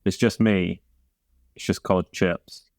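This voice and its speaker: A man's voice: sits low, steady tone, unhurried, vocal fry, a little mellow, dry recording. A man as a podcast guest in casual chat, laid-back and matter-of-fact with dry humour. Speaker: podcast guest, band member.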